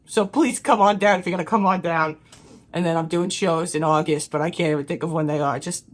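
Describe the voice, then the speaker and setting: A woman's voice: low-pitched, steady tone, a little fast. A woman who feels sick, chatting in a rambling casual message to her fans. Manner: rambling, laughing. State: sick, stuffy. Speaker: podcast host.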